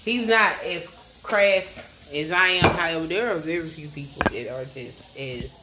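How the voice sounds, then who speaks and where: A woman's voice: sits low, echoey room, noisy background. A woman giving a casual vlog rant as a spiritual advisor, blunt and heavily profane, drawing out words for emphasis. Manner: unhurried with drawn-out emphasis.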